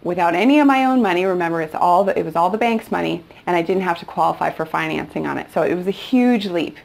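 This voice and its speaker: A woman's voice: fairly low pitch, fast talker, creaky, darkish tone. A middle-aged woman teaching a real estate investing course, retelling past conversations with quoted dialogue. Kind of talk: storytelling course lesson.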